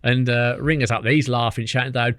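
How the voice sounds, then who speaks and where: A man's voice: mid-range voice, steady tone, fast, fairly bright tone, no room sound, studio quality. A man, a podcast guest telling cheeky anecdotes and mimicking the people in them. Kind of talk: casual storytelling.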